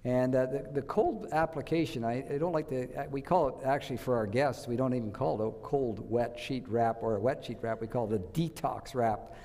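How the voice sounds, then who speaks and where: A man's voice: medium pitch, fairly quick, few pauses, warm tone, in a large hall. Man giving a health talk in a church. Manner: storytelling, quizzing the audience. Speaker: health speaker.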